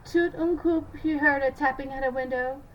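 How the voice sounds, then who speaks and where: Teacher lady reading a picture book out loud, high voice, trips on the french bits. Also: moderate pace, muffled recording, slight background noise. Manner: expressive, stumbles on French words.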